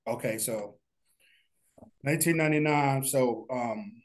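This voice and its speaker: A middle-aged man from New Jersey, a studio founder telling his story in a relaxed, rambling way with lots of fillers. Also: medium pitch, a little slow. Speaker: guest, animation studio founder. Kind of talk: casual interview talk.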